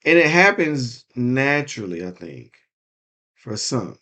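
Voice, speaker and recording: A man's voice: mid-range voice, big pitch swings, slow, sharp tone. A young adult man co-hosting a marriage podcast, chatting casually with slangy, teasing banter. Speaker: podcast co-host. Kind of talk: casual chat.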